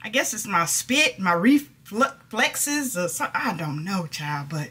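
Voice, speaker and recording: A woman's voice: lowish voice, lively intonation, moderate pace, pushed and bright, slightly rough. A middle-aged woman vlogging casually to camera, chatty and folksy, often laughing as she talks.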